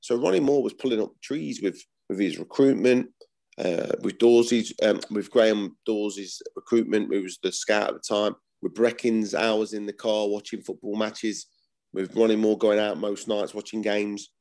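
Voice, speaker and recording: A man's voice: lowish voice, fairly even intonation, moderate pace, gravelly, darkish tone. A man, talking bluntly as an interview guest, swearing and repeating himself. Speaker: former footballer, guest. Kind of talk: casual interview.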